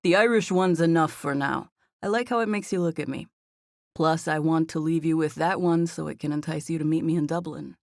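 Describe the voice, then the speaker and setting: A woman voicing a playful, confident young man who jokes around in a relaxed, teasing way, in a slightly lower version of her own voice. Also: brisk, vocal fry, no room sound, studio quality. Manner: teasing, relaxed, self-assured.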